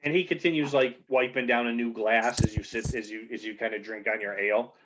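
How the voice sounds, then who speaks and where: Relaxed, halting male game master. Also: mid-range voice, noisy background. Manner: relaxed, halting narration with many fillers. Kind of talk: narrating a tabletop game. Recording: dull lo-fi audio.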